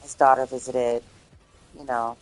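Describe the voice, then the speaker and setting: Woman streamer, low pitch, slightly hoarse, loose rambling chat with swearing. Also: flat delivery, unhurried, darkish tone. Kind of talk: casual chat.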